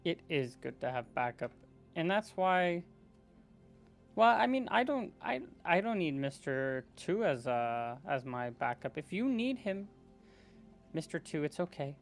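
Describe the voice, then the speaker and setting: A player doing a cocky young apprentice hunter in a tabletop game, brushing off danger. The voice jumps well above the player's usual pitch and stays eager, with faint music underneath. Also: big pitch swings, unhurried. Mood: confident.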